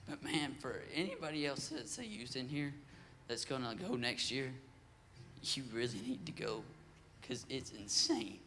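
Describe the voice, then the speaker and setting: A teenage boy giving an earnest, emotional church testimony, his voice dropping soft at moments. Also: mid-range voice, lively intonation, unhurried, a little hiss or hum. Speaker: youth group member giving a testimony.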